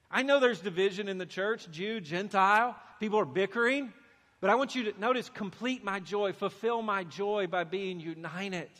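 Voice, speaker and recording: A pastor with a high-sitting voice delivers an animated sermon, acting out the voices of people he quotes. He is in a church sanctuary, and the recording carries the long reverb of a big, echoey hall.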